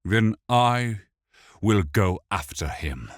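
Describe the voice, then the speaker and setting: A haughty elf prince regent snaps his words with cold pride and anger, as a male narrator acts him out. The voice rides a little above the narrator's deep tone. It is an audiobook reading in a dead, dry room. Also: big pitch swings, takes it slowly, dry recording. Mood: furious. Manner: haughty, sharp, spitting anger. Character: proud, grieving elf prince regent, furious.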